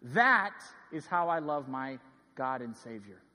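A man in his thirties preaching a sermon, telling stories earnestly and swinging from ringing emphasis to hushed asides, in a large church sanctuary. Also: mid-range voice, lively intonation, moderate pace. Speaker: pastor. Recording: long reverb of a large hall.

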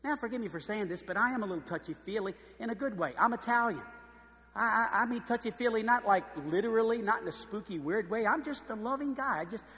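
A man preaching a sermon, telling lively stories and acting out the voices of the people in them. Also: sits high, fast talker, long reverb tail. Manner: animated storytelling, acts out voices. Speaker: pastor. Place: church.

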